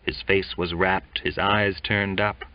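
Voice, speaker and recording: A man narrating a classic novel in an audiobook, reading in a measured, deliberate way. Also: low-pitched, little pitch movement. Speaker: audiobook reader. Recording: dull lo-fi dry recording.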